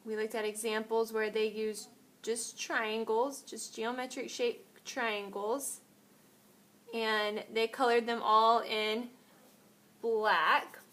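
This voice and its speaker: A woman's voice: a little high, little pitch movement, takes it slowly, fairly bright tone. A woman teaching an art lesson, explaining step by step while demonstrating on paper and sometimes moving away from the mic.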